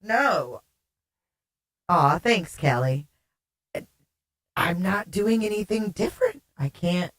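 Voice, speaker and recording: A woman's voice: fairly low pitch, animated, takes it slowly, pauses often. A woman hosting a casual livestream, chatting and reading viewer comments aloud, her voice sounding odd, warbly and echoey. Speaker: livestream host.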